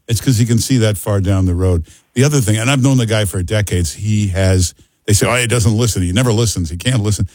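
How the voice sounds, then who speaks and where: A man's voice: fairly low pitch, a little mellow, dry recording. A man hosting a talk radio show, brash and teasing with callers and co-host. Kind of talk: casual talk radio banter. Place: radio studio. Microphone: studio microphone.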